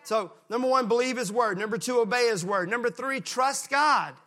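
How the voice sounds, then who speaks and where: Bright high-voiced male preacher. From Mississippi. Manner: emphatic preaching, slows down to stress key lines; acts out folksy characters in quieter voices. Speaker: pastor. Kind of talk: sermon.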